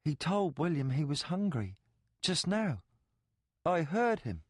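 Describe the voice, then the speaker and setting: Narrator putting on a small earnest girl; higher, lilting, simple halting lines, dry booth. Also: sing-song, no echo. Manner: simple, halting child's phrasing.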